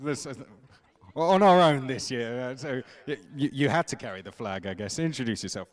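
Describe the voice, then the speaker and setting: A man's voice: medium pitch, expressive, normal speed. A man interviewing drivers outdoors at a kart track in casual chat, upbeat and rallying, with many fillers and restarts.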